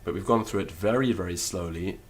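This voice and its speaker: A man teaching Latin in a lecture, deliberate and careful, sounding out syllables one by one. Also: low-pitched. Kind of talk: spoken lecture.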